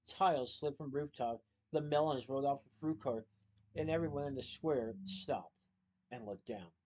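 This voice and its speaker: Guy reading a book out loud, steady storyteller, kinda high voice. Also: poor audio. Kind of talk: reading a novel aloud.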